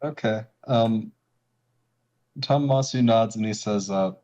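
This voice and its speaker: A man narrates a tabletop game as its game master. His voice is fairly low and his delivery is casual, with plenty of fillers. The audio is slightly dull and lo-fi. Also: slow, long pauses, dark tone.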